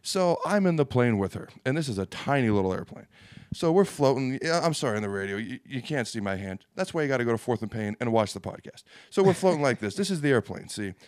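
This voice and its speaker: A man's voice: mid-range voice, big pitch swings, quick pace, darkish tone, no echo. Man, young adult, football player, rambling storyteller, self-mocking, casual podcast chat, dry studio sound. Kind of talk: casual sports talk chat.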